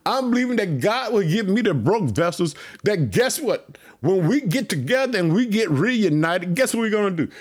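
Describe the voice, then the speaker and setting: Excited high-voiced preacher man. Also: normal speed. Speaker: pastor. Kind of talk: podcast sermon.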